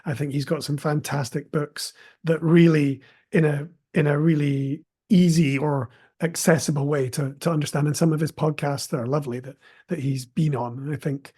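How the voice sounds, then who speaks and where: A man's voice: a little high, steady tone, moderate pace, warm tone, husky. A man speaking as a podcast guest, earnest and reflective, offering encouragement. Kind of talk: conversational interview.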